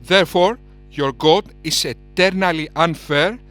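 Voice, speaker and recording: A man's voice: on the high side, unhurried, a bit bright, soft background music. A man giving heated reaction commentary on a debate clip, scornful and mocking, and laughing at his own outbursts.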